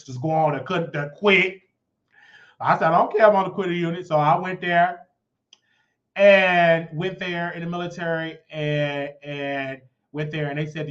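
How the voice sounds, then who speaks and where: Animated storytelling man, dull lo-fi sound. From Chicago. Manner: animated, acts out quoted voices with big pitch jumps. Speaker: show host. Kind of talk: storytelling monologue. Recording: dull lo-fi audio.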